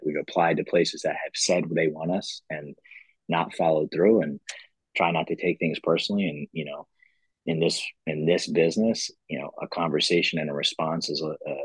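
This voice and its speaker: A man's voice: a bass voice, slightly rough, no echo, rough recording. A man who founded a company, telling his story in a casual interview, rambling and earnest with lots of "you know" fillers. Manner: earnest and reflective. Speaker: company founder, podcast guest.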